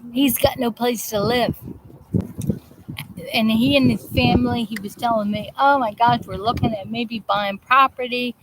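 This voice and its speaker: A woman hosting a live chat show, rambling casually with halting restarts and fillers while greeting viewers outdoors. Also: fairly high pitch, steady tone. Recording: loud background noise, vehicles passing.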